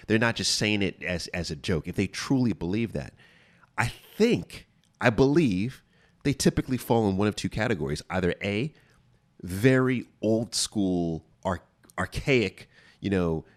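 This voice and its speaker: A man with a very low voice hosts an advice podcast from a studio. He talks casually but with emphasis and circles back to repeat his main points. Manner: emphatic, repeats key phrases for stress. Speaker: podcast host.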